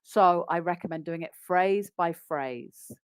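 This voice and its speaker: A woman's voice: on the low side, unhurried, clean tone. A woman with an English RP accent, a business English coach, explaining practical tips in an upbeat conversational interview.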